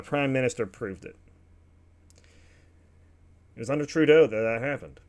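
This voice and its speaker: A man talks through a news item in casual commentary. He reads passages aloud, then breaks off to chat with his viewers in a relaxed, conversational way. His voice sits at an ordinary middle pitch for a man. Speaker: opinion show host.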